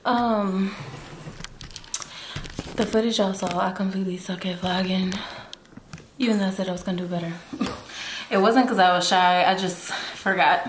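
A woman's voice: mid-range voice, fairly even intonation, normal speed, long pauses, roomy sound, a little hiss or hum. A woman vlogging in a casual, chatty way, talking straight to her viewers and laughing often. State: out of breath. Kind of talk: casual vlog chat. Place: inside a car.

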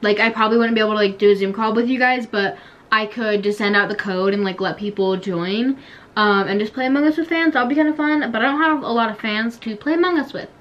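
A teenage girl chatting casually while playing an online game, giggly and quick to complain, then wrapping up her vlog. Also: a little high, lo-fi sound. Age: teens. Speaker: YouTuber. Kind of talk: casual gaming vlog chat.

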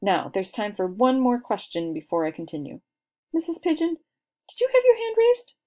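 A confident, theatrical young girl, as a woman reads her holds the floor like a stage performer. Her voice sits high and carries, with a commanding storybook poise. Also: huge pitch swings, moderate pace, a little mellow. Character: bossy, confident second-grade girl storyteller.

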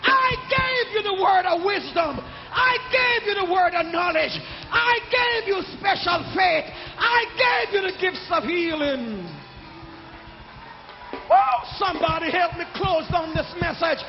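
A man preaching a sermon as pastor, calling out to the congregation and building to shouts. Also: very high-pitched, unhurried, faint music behind, a faint crowd. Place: church sanctuary. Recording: echoey church hall, dull sound.

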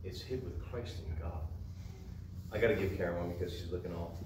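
A man's voice: low voice, brisk. Pastor, male, joking storyteller; distant, echoey church sound with noise. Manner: joking, animated storytelling, loud when excited. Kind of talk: sermon with humorous anecdote. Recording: echoey church room from far off, background noise.

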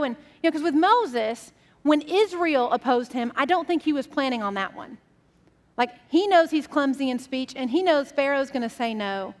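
A woman pastor preaches in a relaxed, conversational storytelling manner. Her high voice carries a long reverb from a church sanctuary. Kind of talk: sermon.

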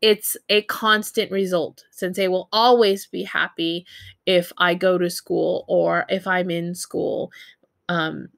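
A woman's voice: fairly low pitch, fairly even intonation, slow pace, gravelly, a bit bright, no room sound, clean studio sound. A woman teaching a recorded Japanese grammar lesson, explaining in a casual way with many fillers and self-corrections.

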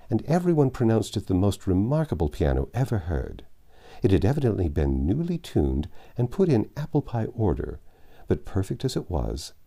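Male narrator reading a classic novel, dark, husky delivery. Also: low-pitched.

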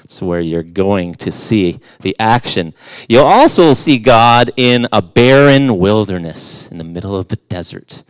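Lively, low-voiced casual preacher man. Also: unhurried, clean tone, dry recording. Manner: casual and self-deprecating, with playful asides. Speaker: guest preacher. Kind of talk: conversational sermon. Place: church.

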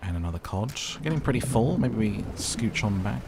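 A man's voice: lowish voice, expressive, a little fast, creaky, noisy background. A man giving casual commentary while playing a game, with dry, mumbled asides. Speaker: gameplay video host. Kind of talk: casual let's-play commentary. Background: game music.

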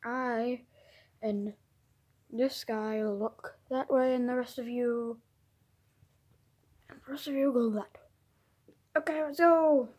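Soft, slow-talking woman storyteller. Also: on the high side, steady tone. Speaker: toy video storyteller. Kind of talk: toy play narration.

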